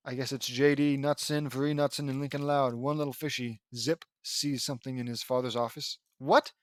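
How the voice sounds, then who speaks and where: A man's voice: mid-range voice, level tone, brisk, dry recording. A man reading a fan story aloud, breaking off with sarcastic, exasperated comments and swearing. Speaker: fan fiction reader.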